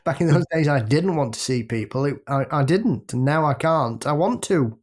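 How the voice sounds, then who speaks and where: A man co-hosting a podcast, chatting in an offhand, halting way. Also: a little high, lively intonation, a little mellow. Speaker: podcast co-host. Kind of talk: casual chat.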